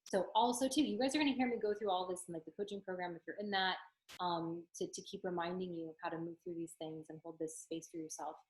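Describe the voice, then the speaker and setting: A woman's voice: fairly low pitch, fairly even intonation, quick pace, low-quality recording. A woman spiritual coach talking through her techniques in a casual teaching monologue, chatty and earnest, full of "like" and "um". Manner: chatty, with frequent "like" and "um" fillers; earnest and encouraging.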